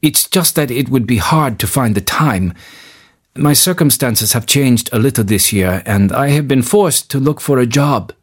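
A man's voice: mid-range voice, lively intonation, moderate pace, husky. A man reading the part of a hesitant, polite young student in a storybook.

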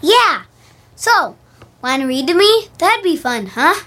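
A woman's voice: extremely high pitch, big pitch swings, takes it slowly, bright, forceful tone, heavily acted. A woman playing a blunt, matter-of-fact little boy in a radio drama. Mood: eager.

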